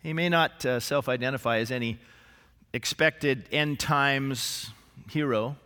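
A male senior pastor preaching a sermon in a church, animated and lively, with humorous asides and acted-out quotes. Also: mid-range voice, measured pace, clean tone. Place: church sanctuary. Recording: live church recording with long hall reverb.

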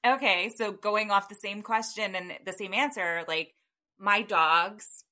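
Woman, bright tone, chatty, rambling, laughs often. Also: mid-range voice, measured pace. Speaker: guest. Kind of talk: casual chat. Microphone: call audio.

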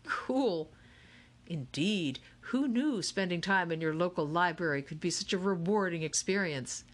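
A woman's voice: on the low side, lively intonation, unhurried. A woman voicing an eccentric, cheerful game-maker man who speaks with grand, theatrical courtesy. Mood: grandly courteous.

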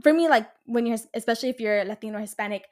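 A woman's voice: fairly high pitch, very fast. A woman in her twenties from the Los Angeles area, hosting a casual solo podcast, rambling and chatty, swearing freely and saying "like" and "literally" a lot. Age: 20s. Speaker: podcast host.

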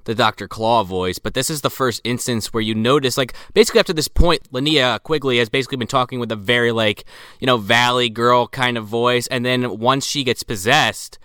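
A man in casual movie chat, calmly walking through scenes. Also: medium pitch, brisk, smooth, no room sound, studio quality. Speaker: podcast co-host.

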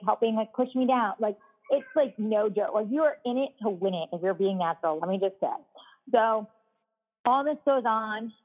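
A woman telling a long personal story in a casual chat, peppering her speech with "like" and laughing often. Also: medium pitch. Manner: chatty, heavy use of "like" fillers, laughs often. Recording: tinny phone-like sound.

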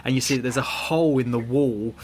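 A man's voice: medium pitch, fast talker, darkish tone. Rambling man running a game. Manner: loose, rambling, self-mocking. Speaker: game master. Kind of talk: narrating a tabletop horror game. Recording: noisy background.

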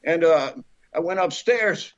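A man, an actor guest, telling a lively anecdote, acting out voices and laughing often. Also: on the high side, a little slow, highs cut off. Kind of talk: animated storytelling.

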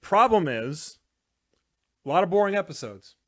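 A man co-hosting a live show, chatting casually with his co-host. He rambles and leans on filler words. His voice sits a little on the high side. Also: very animated, normal speed, a bit bright. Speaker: podcast co-host. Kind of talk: casual chat.

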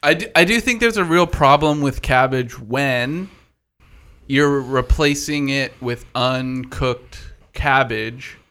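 A man co-hosting a casual podcast chat, talking in an animated, profane way. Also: medium pitch, slow pace.

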